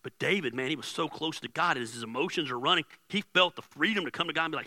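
A man preaching a casual, joking sermon as pastor, swinging from hushed asides to loud bursts. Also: a little high, fast talker, few pauses, no room sound.

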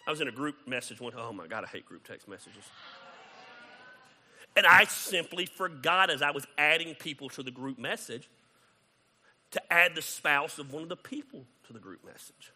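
A man preaching a sermon as pastor, conversational and animated, acting out quoted exchanges. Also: on the high side, moderate pace, breathy edge, in a large hall.

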